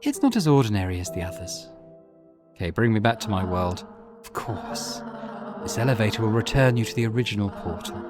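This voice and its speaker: A man's voice: on the low side, big pitch swings, brisk, music in the background. A man hosting a let's play, giving casual, wry commentary as he plays and reading the on-screen dialogue aloud.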